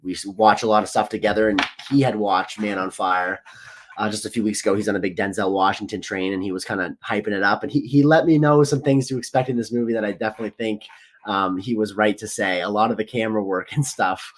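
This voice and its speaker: A man's voice: on the low side, steady tone, quick pace. A man hosting a casual movie podcast, upbeat and friendly, with some fillers. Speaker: podcast host.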